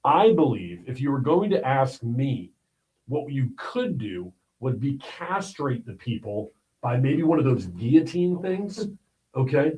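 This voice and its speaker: A man's voice: mid-range voice, sing-song, measured pace, a little mellow, poor audio. A man hosting a livestream, giving blunt, emphatic commentary on the news and often checking in with "all right?". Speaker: livestream host.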